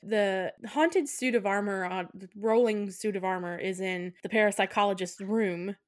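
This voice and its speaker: A woman's voice: mid-range voice, normal speed, no room sound, clean studio sound. A woman co-hosting a podcast, recapping a film in casual chat and laughing often. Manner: laughs often, acts out quotes in voices. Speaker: podcast co-host.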